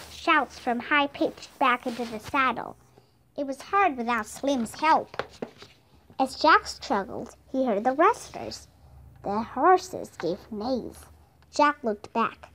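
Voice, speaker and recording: A woman reading a children's chapter book aloud as a steady, careful narrator. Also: sits high, a little hiss or hum. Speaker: storybook reader. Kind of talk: scripted narration.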